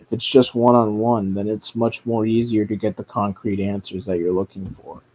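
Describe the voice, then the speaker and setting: A commentary streamer with a lowish voice speaks at a moderate pace with flat delivery and a slightly mellow sound. His casual commentary rambles, swears often, and is full of fillers and restarted sentences.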